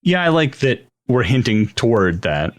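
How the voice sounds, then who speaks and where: A man co-hosting a casual podcast, playful and quick to laugh, reading the show's outro. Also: mid-range voice, very animated. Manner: playful, laughs easily, reads show outro. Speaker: podcast co-host. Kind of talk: casual chat.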